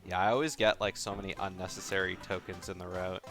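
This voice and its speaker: A man giving casual commentary on a race, chatty and relaxed, laughing often and leaning on fillers. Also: sits low, fast, faint music behind.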